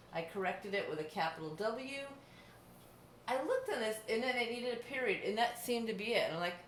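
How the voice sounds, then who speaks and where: A woman's voice: medium pitch, lively intonation, moderate pace. A middle-aged woman teacher giving a distance-learning lesson, patiently explaining step by step with examples. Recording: echoey room, faint background hum.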